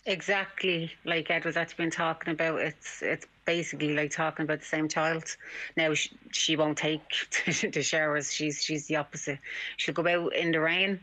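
A woman's voice: low-pitched, flat delivery, normal speed, pushed and bright, low-quality recording. An Irish mother speaking earnestly on a radio talk show, often repeating herself. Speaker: caller, mother. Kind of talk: radio phone-in conversation.

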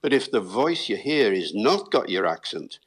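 A man, a linguist guest, explaining accents in a lively storytelling manner with the odd chuckle. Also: lowish voice, moderate pace, breathy edge. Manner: lively storytelling, chuckles, talks to listeners as folks. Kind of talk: explanatory interview talk.

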